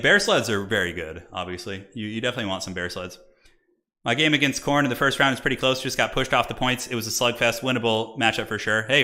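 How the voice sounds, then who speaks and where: Male streamer-caster, chatty live commentary, lively pitch swings, bright forward tone. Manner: animated, chatty, talks to viewers in chat.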